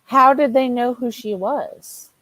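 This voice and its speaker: A woman's voice: a little high, slow pace, fairly bright tone, no echo. A woman from the Poconos, co-hosting a podcast with chatty, joking asides. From Poconos, Pennsylvania. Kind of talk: casual chat.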